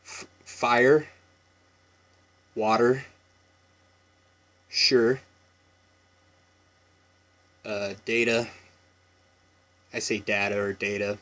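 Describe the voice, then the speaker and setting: A young man from Washington State with a Pacific Northwest American accent, chatting casually in a relaxed, meandering way for an accent tag video. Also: lowish voice, extremely slow, pauses often. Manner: relaxed, meandering, with laughs and many fillers. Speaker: vlogger.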